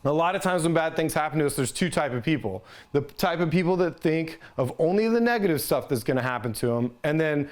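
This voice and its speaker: A man leads an instructional talk on handling stress, speaking in a slightly raised register. His delivery is casual and conversational, and he often checks in with a quick "right?" as he goes. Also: a little high, animated. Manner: conversational, ends points with "right?". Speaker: resiliency trainer.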